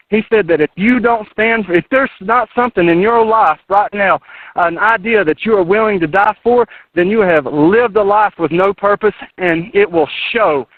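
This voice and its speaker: A man's voice: high voice, no room sound. Fired-up man on a tinny phone line. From North Carolina. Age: 30s. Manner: fired-up, preaching, repetitive exhortations. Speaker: internet radio host, guest. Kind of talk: impassioned guest talk on a call-in radio show. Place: outdoors in his yard.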